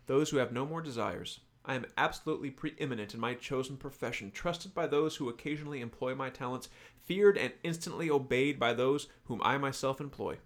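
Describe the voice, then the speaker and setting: A man's voice: medium pitch, close to an everyday voice. A man doing a dramatic reading of a suave villainous male crime lord, in a mock Italian accent. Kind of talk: dramatic reading of a novel passage.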